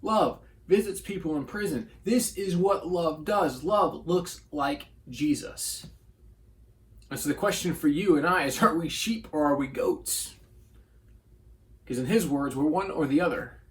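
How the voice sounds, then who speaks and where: A male pastor giving a short devotional sermon in an earnest, conversational way, reading scripture and voicing quotes. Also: a little high.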